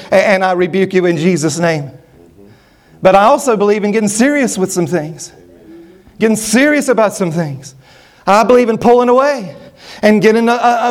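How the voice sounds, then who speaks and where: A middle-aged man preaching a sermon, emphatic and repetitive, often restarting his words. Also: high-pitched.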